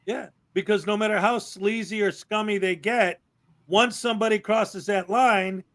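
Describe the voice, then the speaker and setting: A man's voice: high-pitched, steady tone, normal speed, a bit bright. A man hosting a casual commentary livestream, ranting sarcastically and rambling into long stories. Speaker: livestream host.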